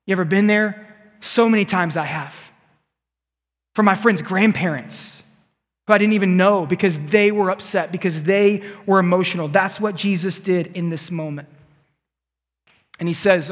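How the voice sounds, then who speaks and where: A man preaching a sermon as a youth pastor, animated and playful, acting out scenes. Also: high-pitched, normal speed. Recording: long hall reverb.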